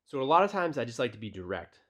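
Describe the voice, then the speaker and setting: A young man talks at a quick pace in a mid-range voice, coaching on dating. His relaxed, direct tutorial is casual and filler-heavy, with text messages read aloud.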